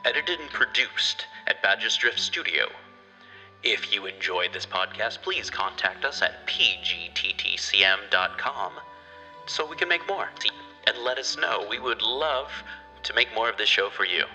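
A male announcer reading a scripted podcast intro in a measured, formal way. His voice is low, slow and sharply bright. A long reverb hangs on it, with faint music behind. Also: expressive. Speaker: show announcer.

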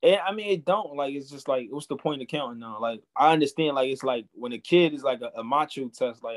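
Young male host, average pitch, blunt opinionated banter. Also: quick pace, hardly any pauses. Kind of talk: casual chat.

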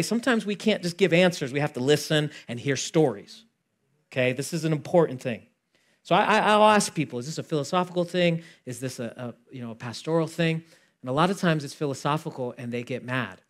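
A man preaching a sermon as pastor, conversational and animated, acting out both sides of a dialogue and swinging from loud emphasis to hushed asides. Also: on the high side, a little fast.

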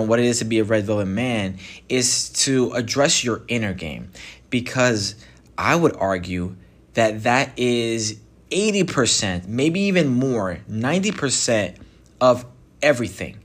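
Chatty man hosting his podcast. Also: fairly low pitch. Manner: chatty, apologetic, conversational with filler restarts. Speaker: podcast host. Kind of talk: casual solo podcast talk. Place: Mexico.

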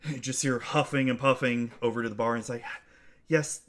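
A man's voice: medium pitch, flat delivery, fast, fairly bright tone, slight background noise. A man narrating a tabletop game as game master, casual and rambling with lots of fillers.

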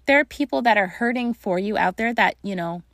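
A woman's voice: mid-range voice, animated, fairly quick, a bit bright, dry recording, clean studio sound. A young adult woman hosting a solo podcast on grief, talking casually and reassuringly straight to her listeners with many fillers. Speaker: podcast host and grief coach.

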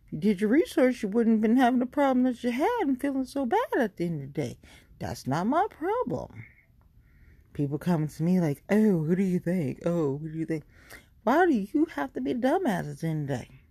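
Blunt, profane podcast woman, husky. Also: fairly high pitch, very animated, brisk, mellow, dry recording. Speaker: podcast host. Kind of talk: casual ranting monologue.

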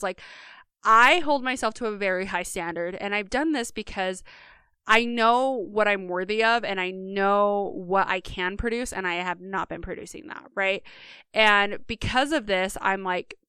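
A woman's voice: mid-range voice, normal speed, pushed and bright, smooth, no room sound, studio quality. A woman co-hosting a podcast, talking earnestly and speaking straight to listeners in a casual monologue. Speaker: podcast co-host.

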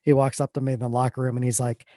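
A man co-hosting a podcast, telling stories in a casual, animated way and often repeating his words as he starts a sentence. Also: mid-range voice, very fast, no room sound. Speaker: podcast co-host. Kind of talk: casual chat.

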